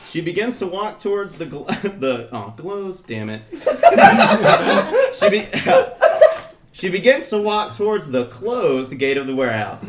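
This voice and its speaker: A man's voice: high voice, huge pitch swings, takes it slowly, a little hiss or hum. A man narrating scene directions for a comedy podcast, giggling through his slips. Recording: echoey room.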